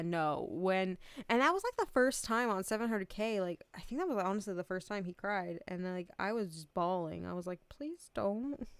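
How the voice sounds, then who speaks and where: A woman's voice: mid-range voice, fairly bright tone, smooth, dry recording. A young adult woman streamer chatting casually, rambling, giggling often and swearing freely. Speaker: VTuber streamer.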